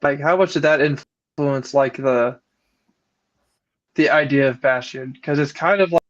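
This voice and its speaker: A man's voice: medium pitch, measured pace. Wry man on a muffled video call. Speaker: book club member. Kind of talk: casual book discussion. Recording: slightly muffled lo-fi audio.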